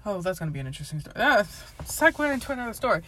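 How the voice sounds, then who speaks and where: A woman's voice: medium pitch, sing-song, rapid-fire, bright, forceful tone. A young woman casually telling a personal story, rambling with lots of filler words, laughing often and swearing. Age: young adult. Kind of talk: casual chat.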